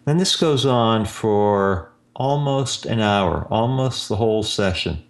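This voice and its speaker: A man hosting a show as an energy healer, telling a client story in a slow, drawn-out way. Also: fairly low pitch, lively intonation. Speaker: energy healer radio host. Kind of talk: storytelling monologue. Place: Austin, Texas.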